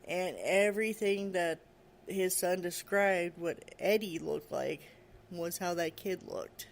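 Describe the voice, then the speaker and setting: Podcast host, casual storytelling, loose and rambling, scattered laughs, middle pitch. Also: fairly even intonation, slow pace, gravelly. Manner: loose retelling full of "you know" and "like"; laughs now and then while telling.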